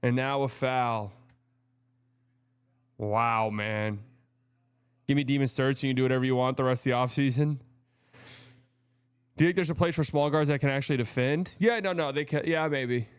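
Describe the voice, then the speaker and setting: A man hosting a live watch party, reacting excitably to plays and chatting between them. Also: medium pitch, normal speed, pauses often, clean tone, dry recording, clean studio sound. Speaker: show host.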